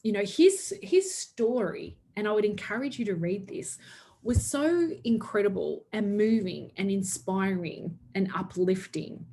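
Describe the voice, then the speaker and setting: A woman's voice: medium pitch, animated, a little slow, warm tone, slight background noise. Upbeat woman giving a motivational pep talk. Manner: upbeat and earnest, with frequent laughs. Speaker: network marketing team leader. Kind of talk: motivational talk to her team.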